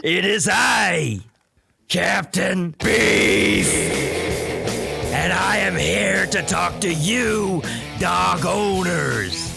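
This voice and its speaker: A gravelly pirate pitchman. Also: animated, extremely slow, heavily acted. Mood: boisterous. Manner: bellowing sales pitch. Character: brash loud male pirate pitchman. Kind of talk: comedy fake commercial. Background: guitar music.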